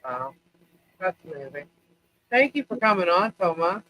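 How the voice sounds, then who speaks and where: Male host, high-pitched, chatty and chuckling; dry close mic. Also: big pitch swings, normal speed, sharp tone, no room sound, low-quality recording. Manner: chatty, chuckling, asks rhetorical questions. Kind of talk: live stream chat.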